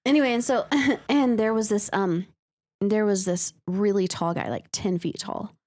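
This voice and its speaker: A woman's voice: medium pitch, moderate pace, a little mellow. A woman co-hosting a podcast, chatting casually and telling stories with lots of fillers and laughs. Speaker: podcast co-host. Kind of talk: casual chat about a listener's story.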